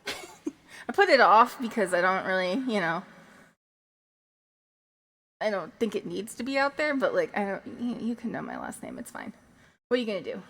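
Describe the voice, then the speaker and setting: A woman's voice: medium pitch, sing-song, moderate pace, gravelly, long pauses, a bit bright. A young woman streamer chatting casually between songs, rambling, joking at her own expense and laughing often, with reverb on her voice. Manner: self-mocking, joking.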